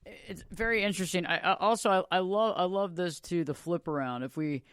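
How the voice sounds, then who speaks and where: A man's voice: sits high, brisk, clean tone, no echo, studio quality. A man hosting a podcast interview, affirming his guest and often repeating words as he starts his sentences. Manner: warmly affirming, repeats himself. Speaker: podcast host and coach. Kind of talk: casual interview chat.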